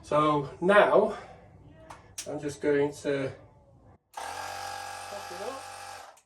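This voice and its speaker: A man's voice: on the high side, wildly swooping pitch, very slow, creaky, background noise. A man talks through a boiler strip-down step by step, casual and practical, the way a trainer explains a job while doing it. His voice rings a little in a roomy space. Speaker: gas engineer trainer. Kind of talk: hands-on demonstration narration. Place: indoors beside a boiler.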